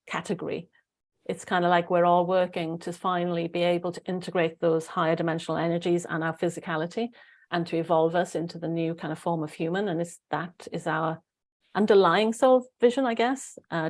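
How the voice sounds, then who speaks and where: Casting: Welsh woman host, lowish voice, chatty, rambling, restarts mid-sentence. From Wales. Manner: rambling, searching for words, frequent restarts. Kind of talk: casual spiritual group chat.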